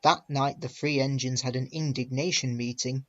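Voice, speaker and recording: A man's voice: mid-range voice, steady tone, moderate pace, a bit bright, highs cut off. Man reading a storybook aloud.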